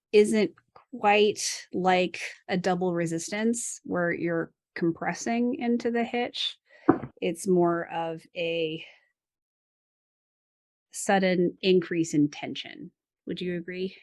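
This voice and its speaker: A woman's voice: on the low side, steady tone, very slow, pauses often, darkish tone, dry recording. A woman co-hosting a dance podcast, explaining partner technique in casual chat, laughing often and adding playful asides. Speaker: dance instructor co-host.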